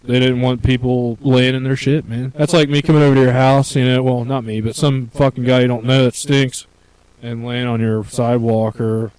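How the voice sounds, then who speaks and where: A young man telling rowdy stories as a podcast co-host, animated and profane, acting out the other people's voices. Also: mid-range voice, normal speed, clear, resonant tone, dry recording, low-quality recording. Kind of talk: casual storytelling.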